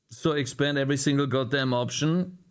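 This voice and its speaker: A man's voice: medium pitch, clear, resonant tone. A man developing a game while talking to himself, frustrated and swearing, his voice strained from screaming. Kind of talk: casual livestream coding commentary.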